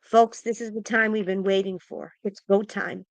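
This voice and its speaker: A woman's voice: medium pitch, steady tone, moderate pace, no room sound. A woman psychic giving an impassioned spiritual pep talk, emphatic and repetitive, audibly emotional and close to tears. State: tearful, emotional.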